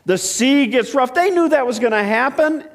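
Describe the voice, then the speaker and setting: A man preaching a sermon, telling stories and asking questions, swinging between loud exclaiming and hushed, quiet passages. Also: extremely high pitch, lively intonation, moderate pace. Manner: storytelling with repeated restarts and rhetorical questions. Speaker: pastor.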